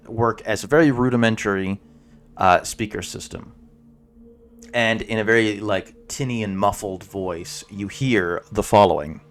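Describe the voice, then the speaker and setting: Male game master, slow, fairly low voice, halting, searching for words. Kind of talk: narrating a tabletop game.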